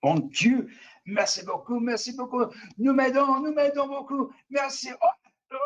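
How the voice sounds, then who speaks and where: A man's voice: very high voice, normal speed, a bit bright, muffled recording, voice pushed up. Man putting on a frantic French Canadian captive. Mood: pleading. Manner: breathless, pleading, trailing into whispered mutters.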